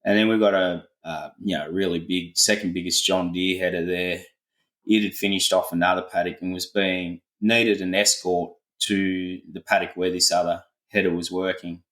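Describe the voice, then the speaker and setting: A middle-aged Australian farmer telling a laid-back story full of colloquial slang in a casual interview. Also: male voice, deep voice, steady tone, moderate pace, fairly bright tone, roomy sound, low-quality recording. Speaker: farmer, podcast guest.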